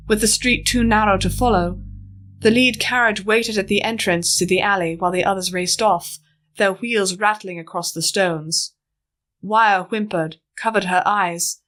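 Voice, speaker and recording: Woman, audiobook narrator, steady first-person storytelling. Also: mid-range voice.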